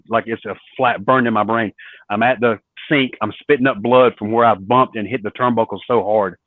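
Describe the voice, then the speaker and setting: A man's voice: medium pitch, dry recording. Storytelling man on a tinny line. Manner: animated storyteller acting out quoted dialogue. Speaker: guest, former wrestler. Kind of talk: storytelling interview. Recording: dry, phone-like narrow sound.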